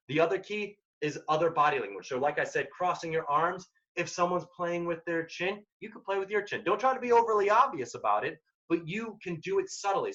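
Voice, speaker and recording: A man with a bright, forceful, somewhat high voice lectures students on workplace habits. He talks in a direct, emphatic, casual way. The recording sounds dull and lo-fi. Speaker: workshop presenter. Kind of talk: career advice lecture.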